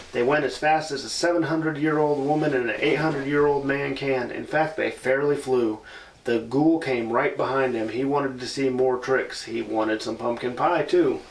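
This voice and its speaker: A man's voice: medium pitch, gravelly, a little hiss or hum. A man reading a storybook aloud indoors in an old house, with playful asides to his listeners. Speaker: paranormal investigator. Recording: roomy sound from a distant mic.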